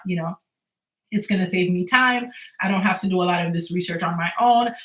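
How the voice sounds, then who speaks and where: A woman's voice: medium pitch, a bit bright. A young woman from Antigua and Barbuda with a Caribbean accent, chatting casually and laughing often as she answers viewer questions on a home livestream. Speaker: small business owner and livestreamer. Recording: roomy echo.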